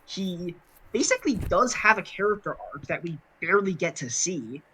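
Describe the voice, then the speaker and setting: A man's voice: high-pitched, lively intonation, normal speed, pushed and bright, a little hiss or hum, poor audio. A man co-hosting a casual podcast chat, rambling with many fillers and restarts. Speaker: podcast co-host.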